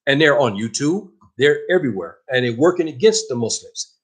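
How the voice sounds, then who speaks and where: A man's voice: mid-range voice, lively intonation, fairly quick, husky. A man teaching a religious lesson in an impassioned, emphatic preaching manner. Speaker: Islamic teacher.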